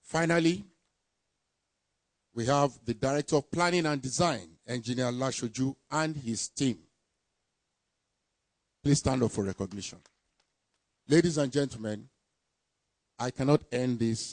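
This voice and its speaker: A man giving a formal ceremony speech, deliberately reading out names and titles. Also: mid-range voice, no room sound. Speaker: permanent secretary presenting a project team.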